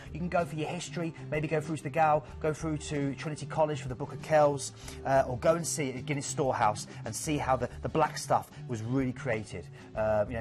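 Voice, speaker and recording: A man from the UK talks through cruise ports in an eager sales pitch, lively and chatty, with a self-mocking joke now and then. His voice sits slightly high. Faint music plays behind him. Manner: lively, chatty, jokes about himself.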